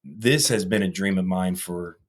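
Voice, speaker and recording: A man's voice: sits low, unhurried. A man in his thirties, a gym owner chatting as a podcast guest, earnest and rambling, often repeating words. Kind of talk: casual interview chat.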